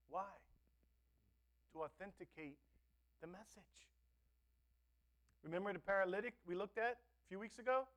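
A male pastor preaching a sermon, swinging between loud emphatic words and soft, quiet asides. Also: high-pitched. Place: church.

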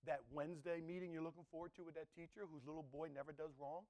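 High-voiced animated male preacher. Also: racing. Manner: animated, swinging between loud exclamations and hushed asides. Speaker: pastor. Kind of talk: sermon.

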